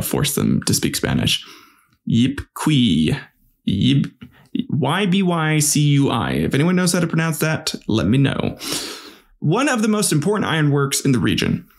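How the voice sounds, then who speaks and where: A man hosting a comedic history show, telling it in a casual, irreverent way and stumbling over words now and then. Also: on the high side. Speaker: comedy history podcast host.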